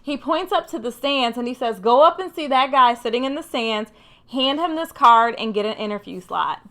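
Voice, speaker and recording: Bright, chatty young woman. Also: fairly high pitch, normal speed. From Michigan. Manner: chatty and animated, lots of "like". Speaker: career vlogger. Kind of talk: casual storytelling to camera.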